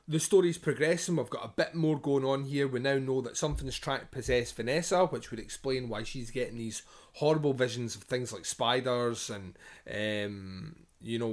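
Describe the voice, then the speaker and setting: A man co-hosting a podcast, chatting casually about a TV show with lots of fillers and casual swearing. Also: medium pitch. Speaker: podcast co-host.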